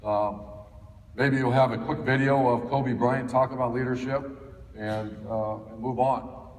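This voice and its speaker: A man's voice: medium pitch, steady tone, a little slow, distant mic. Man telling stories in an echoey hall. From Ohio. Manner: folksy, anecdotal, many restarts and fillers. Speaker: football coach speaking at a clinic. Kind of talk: storytelling talk to an audience. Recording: echoey hall, faint ambience.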